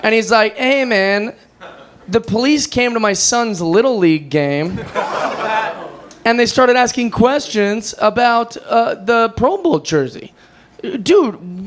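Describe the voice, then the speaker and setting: A man doing stand-up, telling a rambling, self-mocking story with animated energy. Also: high-pitched, a little slow, noisy background. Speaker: stand-up comedian.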